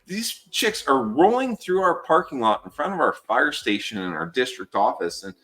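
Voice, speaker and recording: A man's voice: medium pitch, moderate pace. An American man in his thirties, a fire patrol worker and podcast guest, telling stories casually, swearing freely and saying "dude" a lot. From United States. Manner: animated, swears freely, says "dude" often. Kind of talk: casual storytelling.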